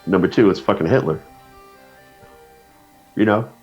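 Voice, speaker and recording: A man's voice: sits low, measured pace, breathy edge, faint music behind. Profane rambling man, lo-fi podcast. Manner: profane, rambling storyteller with lively quoted voices. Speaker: guest cartoonist. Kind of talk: casual podcast conversation. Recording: dull lo-fi podcast audio.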